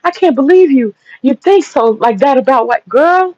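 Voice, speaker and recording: A woman doing an offended friend who cannot believe what she heard. Her voice jumps high in shocked disbelief. The dull lo-fi sound is dry and close. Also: expressive, moderate pace, a little mellow, no room sound.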